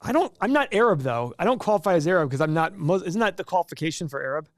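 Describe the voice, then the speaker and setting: Hosting a laid-back investing livestream, this man jokes around with viewers and keeps restarting his sentences, chatty and self-interrupting. His voice sits high, with lively intonation and a fast delivery. It's studio quality, with no room sound.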